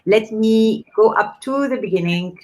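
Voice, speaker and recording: A woman with a non-native English accent hosts a live online chat. She sounds encouraging and talks in a fairly high voice. She reads comments aloud with plenty of ums and uhs. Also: unhurried. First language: not English. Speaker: host. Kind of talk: live-streamed event chat.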